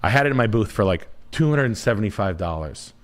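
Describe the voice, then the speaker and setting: A man's voice: fairly low pitch, animated, fast talker. A man casually telling a long rambling story, swearing often and breaking into other people's voices. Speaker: storyteller on a talk show.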